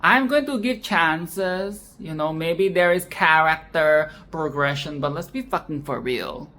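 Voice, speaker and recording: A woman giving casual, expressive film commentary, swearing freely and repeating phrases for emphasis. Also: sits low, unhurried.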